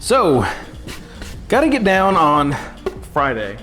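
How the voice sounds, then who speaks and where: Slow, goofy man cooking on stream. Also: fairly high pitch, wildly swooping pitch, bright, forceful tone, faint music behind. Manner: goofy, jokey, talks to chat and pets while cooking. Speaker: cooking livestream host. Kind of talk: casual cooking livestream chat. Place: home kitchen.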